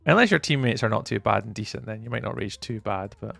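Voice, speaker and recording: Brief: male streamer, very gravelly, dry close mic, game music faint under him. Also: fairly low pitch, animated, quick pace, a bit bright, dry recording. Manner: chatty, talks to chat while playing. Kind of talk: casual live-stream chat.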